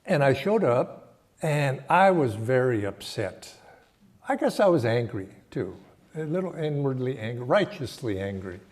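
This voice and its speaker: An older man giving a Sunday sermon and telling a personal story in a reflective, halting way, often restarting his phrases. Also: mid-range voice, sing-song. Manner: slow, reflective, halting phrasing with frequent restarts and soft laughs. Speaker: spiritual teacher giving a Sunday talk.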